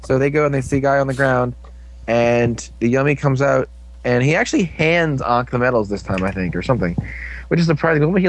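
A young man co-hosting a podcast casually recaps a show episode, rambling, joking around and dropping into silly voices for the characters. His voice is mid-range, with a little hiss or hum in the recording.

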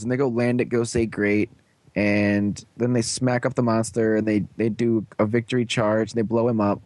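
A young man hosts the show and recaps an episode in a rambling, filler-heavy way with sarcastic asides. His voice sits at a middle pitch, and the recording is close and dry, with no room sound. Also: steady tone, normal speed, darkish tone, dry recording. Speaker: show host.

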